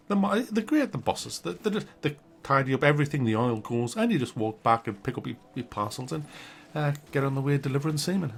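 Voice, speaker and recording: Sarcastic sweary man reviewing a game. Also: medium pitch. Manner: mock-serious, sweary, sarcastic.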